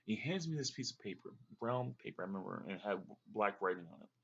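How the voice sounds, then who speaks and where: A man's voice: fairly low pitch, animated, quick pace, slightly rough, lo-fi sound. A man telling a long, rambling story to camera in a casual way, with fillers and restarts. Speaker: vlogger recounting a dream.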